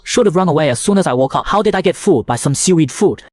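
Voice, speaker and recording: Man doing young male sea snail, small, scared, indignant, fast, slightly high. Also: animated, darkish tone, no echo, clean studio sound. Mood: angry. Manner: indignant, complaining. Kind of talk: comic recap narration.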